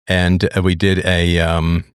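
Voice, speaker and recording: A middle-aged man hosts his show in loose, wry banter, stretching words for comic emphasis. His voice sits a little low. It sounds dry and close, with no room around it. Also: completely flat delivery, smooth, no echo. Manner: wry, joking asides with drawn-out emphasis. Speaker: podcast host. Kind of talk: casual live-stream chat.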